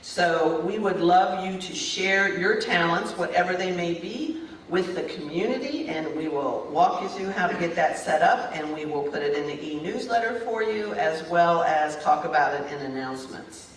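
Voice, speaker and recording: A woman's voice: fairly low pitch, expressive, moderate pace, a little hiss or hum. A woman giving cheerful church announcements as a practitioner, upbeat and enthusiastic. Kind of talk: casual announcements. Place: church meeting hall. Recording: echoey hall, mic at a distance.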